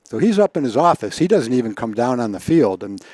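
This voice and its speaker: A man's voice: medium pitch, very animated, brisk, a little mellow, no echo, studio quality. Chuckling man telling stories. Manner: chuckles often, repeats words while telling stories. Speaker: guest storyteller. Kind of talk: casual anecdote telling.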